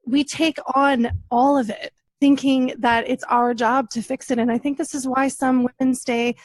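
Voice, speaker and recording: A woman's voice: high-pitched, little pitch movement, moderate pace, dry recording. A woman hosting a podcast interview, affirming her guest and adding earnest commentary. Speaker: podcast host.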